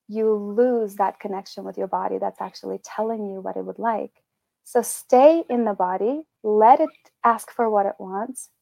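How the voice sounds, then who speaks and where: A woman's voice: medium pitch, vocal fry, dark tone, no echo, poor audio. A woman co-hosting a podcast, talking in a candid, reflective way and laughing lightly between thoughts. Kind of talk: casual podcast conversation.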